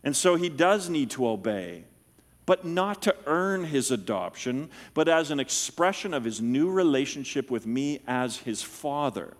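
A middle-aged man preaching a sermon, teaching in an animated way and checking that listeners follow him. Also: mid-range voice, measured pace, long reverb tail. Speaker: pastor.

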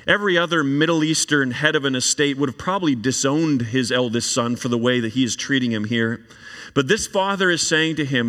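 A man preaching a sermon, reading scripture aloud and then explaining it in an animated way. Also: mid-range voice, fairly quick. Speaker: pastor. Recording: long reverb of a large hall.

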